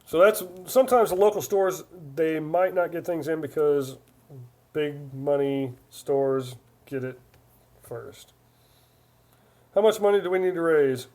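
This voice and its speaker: Man, forties, live-stream host, casual rambling chat, slightly high voice. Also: measured pace, long pauses, darkish tone. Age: 40s. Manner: rambling, chatty, reads chat aloud. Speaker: livestream host.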